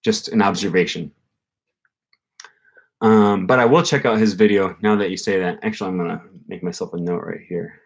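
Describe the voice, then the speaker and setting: A man's voice: low-pitched, moderate pace, slightly rough. A man hosting a casual language-learning livestream, reading viewer comments and rambling with frequent restarts. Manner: rambling, self-correcting, with frequent fillers and restarts.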